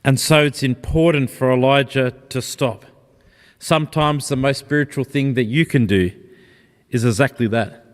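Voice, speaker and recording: A man preaching a sermon in a gentle, reflective, personal way. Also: medium pitch, moderate pace. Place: church. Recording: long church reverb.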